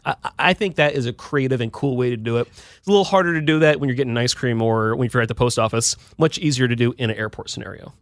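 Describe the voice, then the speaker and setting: A man's voice: medium pitch, fast talker, no echo. A man, an Army veteran in his thirties, chatting casually and rambling with many fillers and restarts. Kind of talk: casual conversational storytelling.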